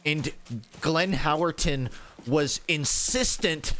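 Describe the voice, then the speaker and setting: Over music, a man chats on a gaming livestream in a slow, high-leaning voice. He rambles through stories casually, laughing and cursing freely.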